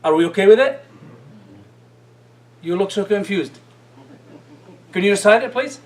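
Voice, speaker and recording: A man teaching a class on reciting the Quran, drilling pronunciation slowly, repeating syllables, and chanting the Arabic verses in a sung tone. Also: high voice, animated.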